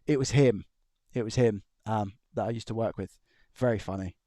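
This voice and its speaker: A man's voice: on the low side, moderate pace, warm tone, dry recording. Chatty man, dry close sound. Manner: rambling, chuckling storyteller who restarts sentences. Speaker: electronics repair live streamer. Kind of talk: casual chat on a live stream. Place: his own room at home.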